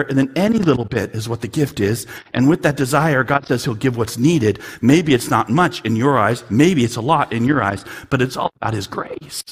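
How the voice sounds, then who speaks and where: Delivering a sermon, a husky-voiced pastor in the mid range shifts between almost whispered passages and loud, emphatic highs. He often repeats himself and restarts words while pushing a point.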